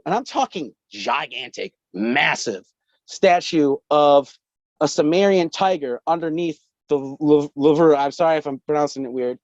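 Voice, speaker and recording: A man's voice: fairly high pitch, darkish tone, no echo. Brief: male guest, rambling casual storyteller, curses freely, dry and dull remote audio. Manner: rambling, profane, laughing often. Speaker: podcast guest.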